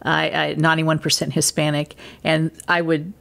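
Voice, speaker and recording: A woman's voice: sits low, completely flat delivery, normal speed, gravelly, fairly bright tone. A woman from the United States hosting an interview, asking questions and laughing readily. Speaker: interview host. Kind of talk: conversational interview.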